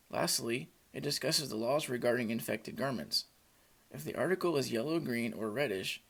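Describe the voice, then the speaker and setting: A man giving a steady, scripted summary of scripture chapters as a bible study teacher. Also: mid-range voice, vocal fry. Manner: steady explanatory reading.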